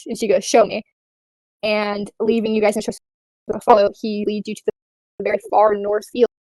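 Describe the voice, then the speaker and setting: Woman game master, relaxed, rambling, fillers, dry close sound. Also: mid-range voice, a little fast, no room sound. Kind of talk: narrating a tabletop game.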